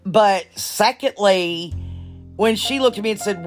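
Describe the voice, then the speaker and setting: A woman hosting her own podcast in casual chat, blunt and profane, a little nervous and halting. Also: medium pitch, faint music behind. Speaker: podcast host.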